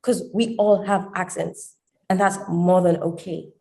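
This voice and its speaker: A woman guest giving forceful, encouraging advice. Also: lowish voice, steady tone, measured pace, gravelly. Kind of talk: motivational advice.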